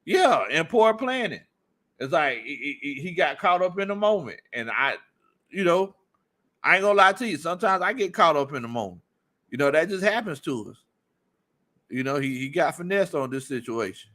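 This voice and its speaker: A man hosting a casual sports livestream, reading viewer comments aloud and breaking into loud laughter. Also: a little high, moderate pace. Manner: laughs often, loud animated outbursts. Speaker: sports stream host.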